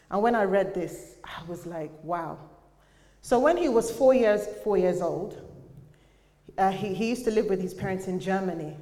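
A young adult woman preaching a sermon in earnest, conversational tones, sometimes pausing on fillers. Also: mid-range voice, darkish tone. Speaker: church speaker. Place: church hall. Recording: echoey church hall.

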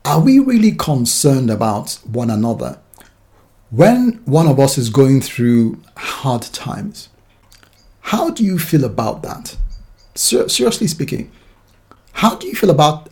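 A man's voice: mid-range voice, big pitch swings, a little slow, dark tone. Conversational male preacher. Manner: conversational, with acted-out asides. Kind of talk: sermon.

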